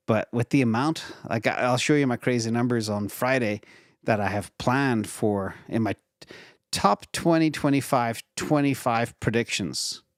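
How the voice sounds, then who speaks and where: A man's voice: fairly low pitch, no room sound, studio quality. A man hosting a live viewer Q&A on investing, talking casually in long, rambling explanations full of fillers and restarts. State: retired from regular work. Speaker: investing channel host. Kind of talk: live Q&A answering viewer questions.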